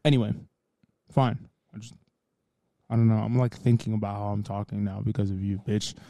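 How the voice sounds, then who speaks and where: A man's voice: on the low side, fairly even intonation, a little fast, dark tone, no room sound. A man co-hosting a podcast in casual chat, rambling and laid-back, with plenty of swearing and fillers. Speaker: podcast co-host.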